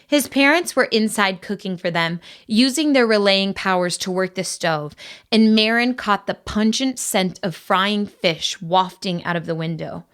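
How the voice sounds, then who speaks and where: A woman narrating a young adult fantasy audiobook in a calm, even storytelling manner. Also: medium pitch, measured pace, clean tone. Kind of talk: scripted narration.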